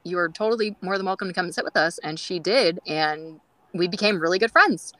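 A woman's voice: lowish voice, brisk, a bit bright, a little hiss or hum, rough recording. A woman guest on a groomers' podcast, telling stories in a chatty way with many fillers and acting out quoted dialogue. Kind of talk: casual storytelling interview.

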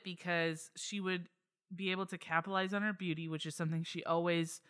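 A woman hosting a podcast, telling a true-crime story in a jokey, animated way. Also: on the low side, brisk, smooth. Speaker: podcast host. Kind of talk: casual storytelling chat.

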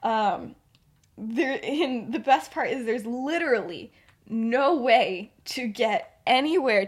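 A young woman tells a fan-fiction story on her podcast, her voice sitting fairly high for a woman. She rambles along casually, laughing often and piling up fillers as she goes. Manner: giggly, rambling, filler-heavy. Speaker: podcast host.

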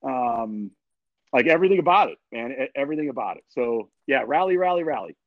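A man's voice: medium pitch, lively intonation, fairly quick, no room sound. A man guest on a podcast, telling a story energetically in laid-back slang with frequent restarts. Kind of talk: animated storytelling. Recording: dull, dry lo-fi sound.

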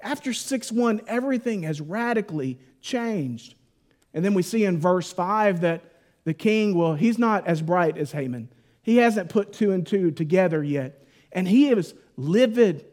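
High-voiced man preaching. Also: a little slow. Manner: conversational and animated, lots of 'like'. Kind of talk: Bible teaching sermon.

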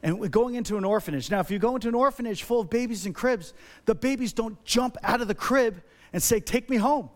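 Male pastor, middle-aged, higher voice, preaches with emphatic repetition. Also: fast talker. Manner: emphatic and repetitive, builds energy with repeated phrases. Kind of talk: sermon.

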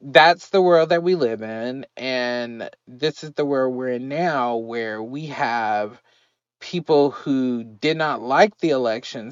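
A man co-hosting a podcast, chatting casually about politics with animated, emphatic, repetitive phrasing. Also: mid-range voice, clean tone, no room sound, dull audio. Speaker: podcast co-host.

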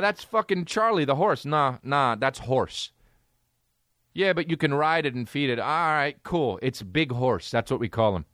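A man hosting a comedy podcast, ranting in an incredulous, profane, animated way. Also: mid-range voice, no echo, clean studio sound. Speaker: podcast host.

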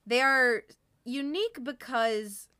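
A woman from North America co-hosting a chat podcast. She has a bright, clear tone and talks in loose, rambling sentences full of fillers and laughs. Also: high voice, slow pace. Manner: chatty, laughing, filler-heavy. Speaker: podcast co-host. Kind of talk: casual chat.

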